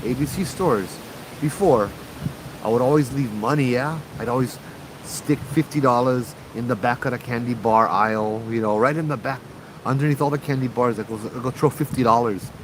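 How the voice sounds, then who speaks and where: A man quoting a big, childlike patient with a Hawaiian Pidgin accent who believes he's Superman, voiced soft and low. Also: normal speed, noisy background, natural voice. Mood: confiding.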